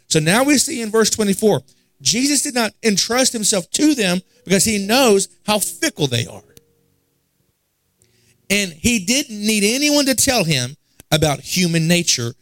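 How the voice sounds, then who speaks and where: A man's voice: high-pitched, a bit bright, no echo, rough recording. A man preaching a sermon in an earnest way, often repeating words as he searches for his phrasing. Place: church service.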